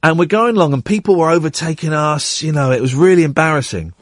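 Male radio host, middle-aged, lively storyteller with a slightly husky, dry studio sound. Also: on the high side, fast, dry recording. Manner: animated anecdote with acted-out quotes.

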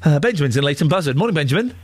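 Man, radio host, high voice, very lively, teasing banter. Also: racing, a little hiss or hum. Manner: playful, teasing, attempts mock accents. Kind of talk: casual phone-in banter.

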